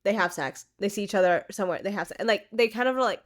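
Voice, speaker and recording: A woman's voice: mid-range voice, quick pace. A woman co-hosting a podcast in casual chat, gushing about a story she loves, with lots of fillers and swearing. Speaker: podcast co-host.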